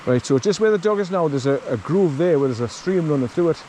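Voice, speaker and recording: A man with a slightly high voice gives a blunt walking commentary outdoors on an overgrown path. He sounds worn out from pushing through the undergrowth, swears freely and keeps urging his dog on. A faint outdoor hiss sits behind him. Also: expressive, fast, mellow, low-quality recording. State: tired from wading through bracken. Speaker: vlogger.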